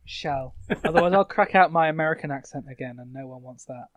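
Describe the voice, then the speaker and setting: A young man hosts a podcast in loose, joking chat, laughing between lines. His voice sits a touch high for a man. The sound is close and dry, with no room echo. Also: fast talker. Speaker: podcast host. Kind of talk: casual chat.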